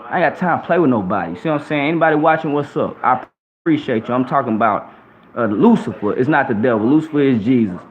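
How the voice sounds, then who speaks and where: A man reads Bible verses and preaches profanely, dropping to low murmurs and rising to loud outbursts. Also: animated, quick pace. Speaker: self-styled preacher. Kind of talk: reading and preaching scripture to camera. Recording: tinny phone-like audio with faint background hum.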